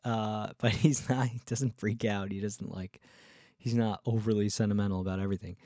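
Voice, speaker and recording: A male musician vlogger telling a casual story in a rambling, excitable way, full of fillers and restarts. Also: fairly low pitch, a little fast, no echo, clean studio sound.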